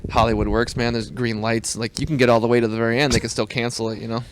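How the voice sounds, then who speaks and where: A man's voice: mid-range voice, level tone, fast, slight background noise. A man, a comedian guest on a podcast, chatting casually with rambling, profane, self-mocking remarks.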